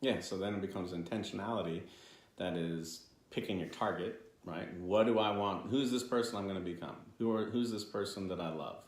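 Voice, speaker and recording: A man's voice: deep voice, brisk, reverberant. A man co-hosting a podcast, talking earnestly and motivationally with jokes mixed in. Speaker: podcast co-host. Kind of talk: casual conversation.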